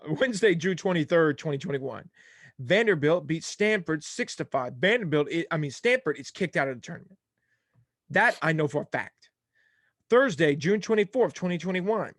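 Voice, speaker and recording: A man's voice: fairly high pitch, animated, moderate pace, fairly bright tone, no room sound, studio quality. A young man hosting a casual sports podcast, rattling off game results in a jokey, scattered way. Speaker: podcast host.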